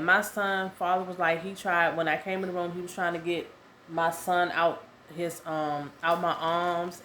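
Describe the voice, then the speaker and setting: Young woman, low voice, chatty storytelling, faint background noise. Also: fairly bright tone. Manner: chatty, repeats herself, lots of "um" and "y'all". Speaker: vlogger. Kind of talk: casual storytelling to camera.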